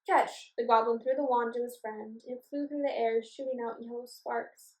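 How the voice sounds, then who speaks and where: A woman reading a children's storybook aloud in a clear, expressive way. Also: a little high, normal speed. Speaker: storybook reader. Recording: echoey room, voice from a distance.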